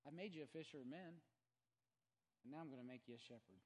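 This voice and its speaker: A male pastor preaches with rising passion, his voice sitting a little high for a man and often swelling toward a shout. The sound rings with a long reverb from a church sanctuary. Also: fast talker. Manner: impassioned, building to near shouts. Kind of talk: sermon.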